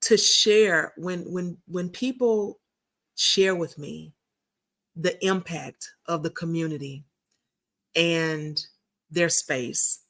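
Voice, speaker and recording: A woman's voice: on the low side, slow, a bit bright. A woman hosting a casual live stream, chatting with viewers and telling a story, often repeating and restarting her phrases. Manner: chatty, addresses viewers as y'all. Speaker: community founder and host.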